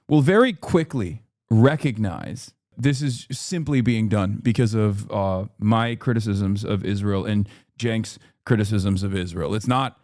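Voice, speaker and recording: A man ranting on a stream, indignant and fired up, often restarting his sentences. His voice sits at a middle pitch, and the sound is dry and close with no room echo. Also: darkish tone. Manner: heated, indignant, frequent restarts and fillers. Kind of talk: political commentary stream.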